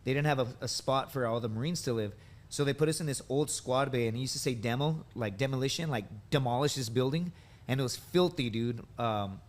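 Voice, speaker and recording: A man in his thirties from the United States spins long, rambling stories, padding them with likes and dudes. His voice sits at a middling pitch and has an easy, conversational flow. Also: brisk. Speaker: podcast guest, veteran and comedian. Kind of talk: casual storytelling.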